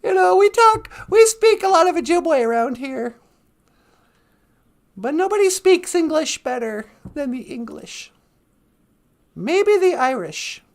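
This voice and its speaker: High-pitched woman chatting on her live stream, laughs a lot, takes her time. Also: big pitch swings, vocal fry. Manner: chatty, laughs often, reads lines slowly and dreamily. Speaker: podcast host. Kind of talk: casual live-stream chat.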